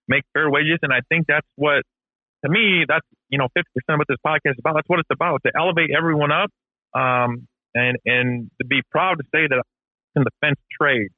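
A man's voice: mid-range voice, dry recording. A man who owns a fence business, a podcast guest telling stories in an earnest, casual way. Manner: earnest, storytelling. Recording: tinny phone-line call.

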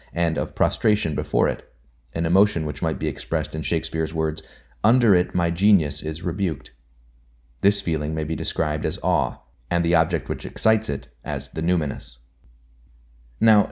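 A man narrating an audiobook in a measured, deliberate reading. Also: rumbling low, mellow.

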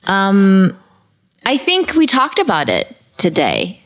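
A woman's voice: mid-range voice, wildly swooping pitch, takes it slowly, fairly bright tone. A young adult woman chatting as a podcast guest, emotional and rambling, laughing often. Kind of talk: casual chat.

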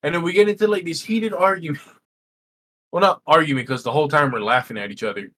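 A man co-hosting a podcast, telling a family story in a casual, animated way with lots of fillers and swearing. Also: fairly high pitch, fast talker, low-quality recording. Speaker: podcast co-host. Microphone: game console headset. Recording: faint noise, home recording.

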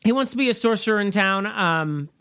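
A man's voice: sits high, expressive, fairly quick, pushed and bright, clean tone. A man co-hosting a podcast, recapping a film in casual chat with a wry, joking manner and frequent fillers. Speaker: podcast co-host.

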